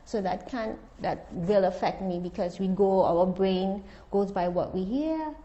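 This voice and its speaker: A woman's voice: mid-range voice, a little slow, mellow, muffled recording. A woman therapist being interviewed, talking earnestly and reflectively about her work with clients. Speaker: therapist guest. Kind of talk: casual interview.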